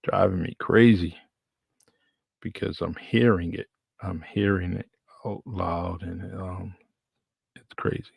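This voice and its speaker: A man's voice: low voice, fairly even intonation, slow pace, creaky, pauses often, a little mellow, breathy edge, dry recording. A man with a New England accent hosting his podcast in a casual, rambling solo chat, repeating himself as he goes. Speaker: podcast host.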